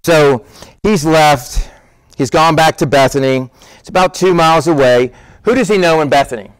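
A man preaching a conversational sermon, emphatic and animated, often repeating words as he drives a point home. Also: fairly high pitch, normal speed, clear, resonant tone, no echo. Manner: conversational, addresses listeners as "guys". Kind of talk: sermon, Bible teaching.

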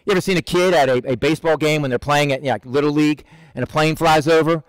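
A man delivers a relaxed, conversational sermon in a high voice, slipping into lively quoted voices as he tells the story. The sound is dry and close, with no room around it. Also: fast, no echo, rough recording. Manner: conversational, animated, acts out Bible figures in quotes. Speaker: preacher. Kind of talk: casual sermon.

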